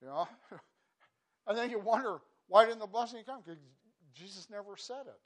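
A man preaching a devotional sermon in an earnest, halting way, stopping and restarting often, then rising into emphatic bursts. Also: sits high, expressive. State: choked up. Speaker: pastor.

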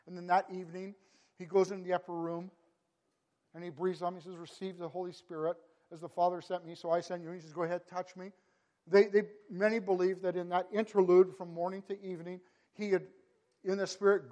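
A man's voice: sits high, darkish tone. A man preaching a sermon, impassioned and repetitive, building to emphatic peaks. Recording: long hall reverb.

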